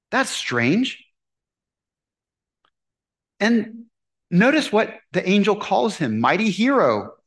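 A male pastor preaching with lots of movement in his voice, rising and falling as he asks questions and answers them himself. His voice sits a little high for a man. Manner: animated, asks the congregation questions. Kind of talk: sermon.

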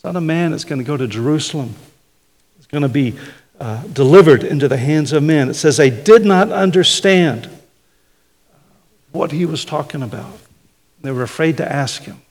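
A man's voice: on the high side, expressive, moderate pace, long pauses. A man preaching a conversational sermon, often tagging his points with "right?". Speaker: pastor. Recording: hall reverb.

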